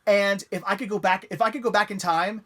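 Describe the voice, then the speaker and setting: A man's voice: sits high, fairly even intonation, fairly quick, sharp tone. A man hosting a casual movie livestream, rambling enthusiastically from a couch. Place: living room couch.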